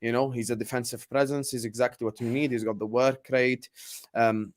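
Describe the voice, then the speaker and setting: A man's voice: medium pitch, level tone, a little fast. A man hosting a football channel in casual chat, loose and filler-heavy, reading out viewer comments.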